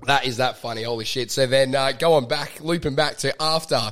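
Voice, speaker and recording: A man's voice: medium pitch, fairly bright tone. Easygoing Australian male podcast host. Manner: easygoing, quick agreeing interjections. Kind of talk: casual chat.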